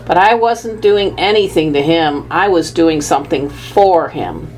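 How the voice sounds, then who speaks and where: A woman reads a children's chapter book aloud in a measured, lively first-person voice. Her pitch sits on the low side for a woman, and a faint hum lies under the recording. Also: rough recording. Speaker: audiobook narrator. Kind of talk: scripted storybook narration.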